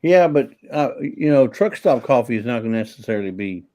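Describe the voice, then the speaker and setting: A man's voice: medium pitch, expressive, a little fast, a little mellow, dry recording. Easygoing man on a video call. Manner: easygoing, peppered with "you know". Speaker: regular on a group chat show. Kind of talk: casual chat.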